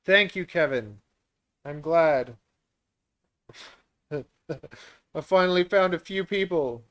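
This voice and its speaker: A man's voice: a little high, takes it slowly, a bit bright. A man, hosting a live Q&A stream in a rambling, easygoing way. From Canada. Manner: chatty, rambling, laughs easily. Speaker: reptile breeder and stream host.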